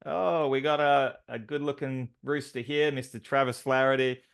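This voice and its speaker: A man's voice: medium pitch, fairly even intonation, moderate pace, vocal fry, clear, resonant tone. A man co-hosting a team call, announcing award winners with enthusiastic, filler-heavy talk.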